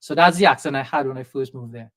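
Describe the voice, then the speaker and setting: A man from Trinidad with a softened Trinidadian accent, telling a lively personal story as a podcast guest and acting out the voices of people he quotes. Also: medium pitch, fast talker. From Trinidad and Tobago. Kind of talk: storytelling in a conversation. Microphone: video call setup.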